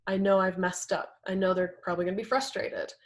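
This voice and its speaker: A woman's voice: medium pitch, a little fast. A woman teaching a talk on communication in relationships, earnest, often acting out quoted partners. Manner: earnest, acts out quoted partners in lively voices. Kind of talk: presentation talk with slides.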